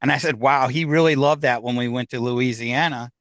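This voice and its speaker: A man's voice: mid-range voice, a little fast, a bit bright, no room sound. A man telling a personal story in casual conversation, acting out the voices of the people in it. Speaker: guest.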